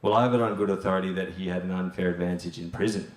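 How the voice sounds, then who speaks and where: A brash Australian man tears through a crude stand-up bit, swearing and chuckling at his own lines. His voice sits fairly low. It rings around an echoey room. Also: fairly even intonation, rapid-fire. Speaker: stand-up comedian.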